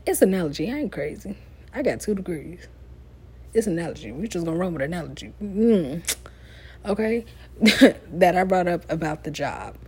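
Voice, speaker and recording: A woman's voice: fairly low pitch, breathy edge. Sassy, tired woman podcaster. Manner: sassy, conversational, animated asides. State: tired late at night. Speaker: podcast host. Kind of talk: casual solo podcast advice talk.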